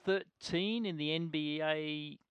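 A man's voice: on the high side, takes it slowly, clean tone, dry recording, lo-fi sound. A man co-hosting sports radio, upbeat while reading out betting odds. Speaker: radio host.

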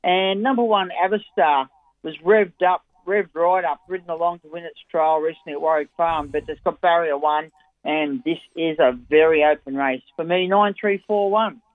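A man's voice: a little high, normal speed, no echo. Australian man giving racing tips over a phone line. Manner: chatty, enthusiastic form analysis. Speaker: racing tipster. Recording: tinny phone-line audio.

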